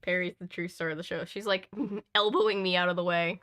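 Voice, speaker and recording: A woman's voice: on the low side, steady tone, fairly quick, a bit bright, clear, resonant tone. A woman hosting a casual read-aloud at home, breaking off often for playful, teasing asides to her cat. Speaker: host reading a book aloud.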